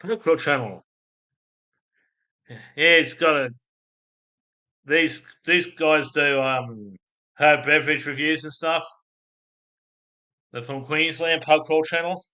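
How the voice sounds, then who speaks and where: With a slightly high, sharp-toned voice, an Australian man talks slowly and pauses often during a relaxed live stream. He reads out viewer comments, rambles from subject to subject, and frequently cracks up at his own crude jokes.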